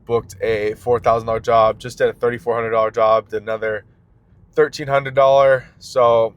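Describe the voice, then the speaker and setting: A man's voice: mid-range voice, level tone, moderate pace. Rambling man talking while driving. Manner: rambling, filler-heavy, jumps between tangents. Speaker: small business owner. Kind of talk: casual vlog rant.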